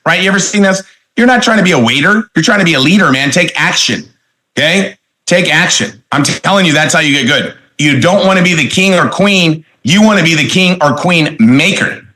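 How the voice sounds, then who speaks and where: Fired-up man giving a bright motivational talk. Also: high-pitched, brisk. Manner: energetic, emphatic, repeats phrases and asks the audience questions. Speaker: motivational sales trainer.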